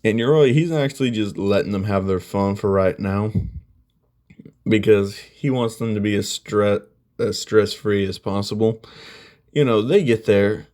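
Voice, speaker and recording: A man telling a fan story off the cuff, rambling and leaning on fillers. His voice sits on the low side for a man. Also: a little slow, a little mellow. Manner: rambling, lots of "you know". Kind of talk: casual spoken fan story.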